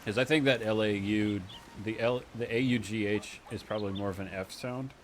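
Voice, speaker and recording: A man with a low voice chats casually with his stream audience. He rambles from one point to the next and breaks into laughter often. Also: steady tone, brisk, a little hiss or hum. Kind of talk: casual chat with stream viewers.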